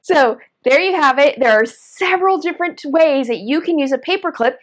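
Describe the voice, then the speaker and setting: A woman's voice: high-pitched, animated, moderate pace. A woman hosting a knitting video, chatting casually while she demonstrates, enthusiastic and gushing with frequent exclamations.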